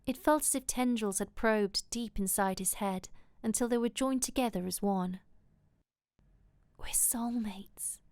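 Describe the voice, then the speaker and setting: A woman reading a romance novel aloud in a soft, intimate, often whispered way. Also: a little high, moderate pace, few pauses, clear, resonant tone, no echo. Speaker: audiobook reader.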